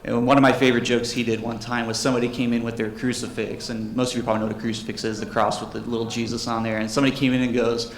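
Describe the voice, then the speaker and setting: A man's voice: medium pitch, level tone, racing, few pauses. A young man, a jeweler, casually telling funny customer stories to a convention audience and acting out the people in them. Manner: jokey, acts out customers and his dad in raised voices. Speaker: jeweler giving a convention panel talk. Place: convention panel room. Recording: roomy hall with faint background noise.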